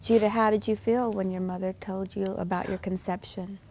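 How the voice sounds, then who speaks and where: A woman hosting an interview, soft-spoken, answering her guest with steady murmurs of agreement and quiet amens. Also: mid-range voice, brisk, a little hiss or hum. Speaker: host.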